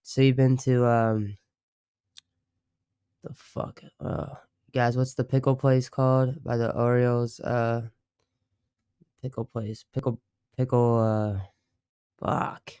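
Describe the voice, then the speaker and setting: Young man from Baltimore, loose rambling streamer chat, mellow tone, dry close sound. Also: medium pitch, flat delivery, slow pace, long pauses, clean tone, no echo. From Baltimore, United States. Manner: rambling, swearing, many fillers. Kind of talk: casual livestream chat.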